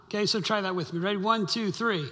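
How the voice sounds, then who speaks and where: A pastor, preaching a conversational, joking sermon to a congregation. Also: male voice, high voice, quick pace, pushed and bright. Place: church sanctuary. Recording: long hall reverb.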